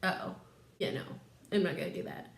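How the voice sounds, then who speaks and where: A woman's voice: normal speed, natural voice. A woman voicing a grumpy, stubborn old miser who gives curt, dismissive replies. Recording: echoey room.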